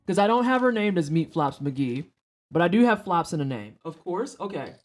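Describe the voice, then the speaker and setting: A game streamer talking to chat mid-session in a loose, unscripted way. The talk is crude and jokey, full of swearing and offhand teasing of the game. The pitch sits in an ordinary middle range. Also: sing-song, normal speed, faint music behind. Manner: profane, joking, talks to chat. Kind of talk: casual livestream chat while gaming.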